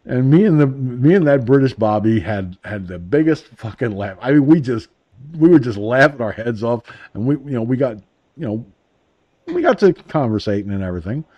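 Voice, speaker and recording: An American man hosts a talk radio show, spinning a long story in a loose, swearing style and restarting his sentences often. His voice sits at a middling pitch, and the recording sounds dull and lo-fi. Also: very animated, moderate pace. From United States. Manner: profane, rambling with many restarts. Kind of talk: casual storytelling.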